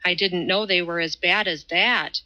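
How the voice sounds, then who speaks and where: Audiobook role: woman reading a blunt, grim male duelist, dry delivery, bright tone. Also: lowish voice, moderate pace. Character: grim, blunt atheist swordsman, grown man.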